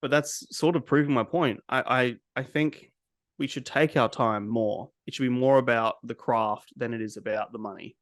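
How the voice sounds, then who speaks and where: A man's voice: mid-range voice, normal speed, no room sound. A man talks through films in a loose podcast chat, blunt and cynical, with a good deal of swearing. His voice sits in a middle range. The sound is close and dry, with no room around it. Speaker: podcast host. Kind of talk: casual movie review chat.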